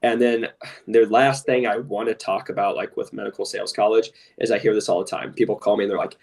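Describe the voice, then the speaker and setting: A man's voice: fairly low pitch, fairly even intonation, fast, gravelly, darkish tone, breathy edge, recorded from a distance. A man co-hosting a podcast in casual talk, blunt and impassioned, often saying "literally" and "straight up". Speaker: podcast co-host.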